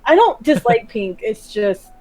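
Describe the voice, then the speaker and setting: A woman's voice: on the high side, very animated, unhurried, mellow, slightly rough, soft background music, poor audio. A woman hosting a gaming video, reading visual novel narration aloud with giggly, joking asides. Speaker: gaming channel host.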